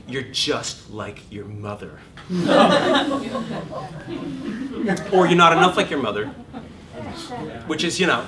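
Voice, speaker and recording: Man in his fifties teaching an acting class, animated and profane, heard from across an echoey room with rumbling noise. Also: recorded from a distance. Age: 50s. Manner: animated, swearing, self-deprecating storyteller. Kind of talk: live seminar talk. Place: classroom seminar. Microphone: distant room mic.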